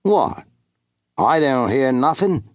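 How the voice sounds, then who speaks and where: Gruff slangy trapper, savage grin in the voice, drawled slow, narrator puts him on. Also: male voice, medium pitch, sing-song, dry recording. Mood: puzzled. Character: rough, savage male fur trapper.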